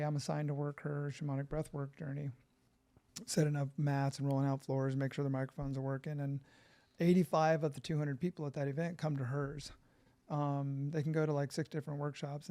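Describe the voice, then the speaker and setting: Man, middle-aged, podcast guest, animated storyteller, swears freely, gravelly. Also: on the high side, fairly quick. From California. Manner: animated, profane, acts out quotes.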